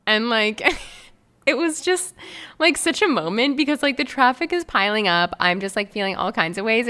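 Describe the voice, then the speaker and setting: A young Canadian woman, a podcast host and life coach, tells a story on her own casual solo podcast. Her mid-range voice is a bit bright, and she's chatty and effusive, with many fillers.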